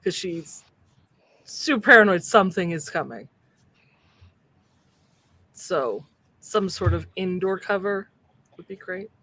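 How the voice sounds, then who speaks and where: Player at a tabletop game, bright voice, chatty run-on explaining. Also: mid-range voice, lively intonation, takes it slowly, long pauses. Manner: casual, explains plans in a rush of clauses.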